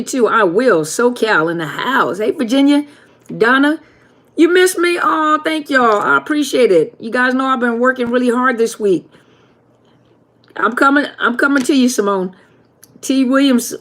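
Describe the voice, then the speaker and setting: A woman with a fairly high voice hosts a casual live stream, greeting viewers one by one in a friendly, chatty way. She talks from a home setup into a webcam mic.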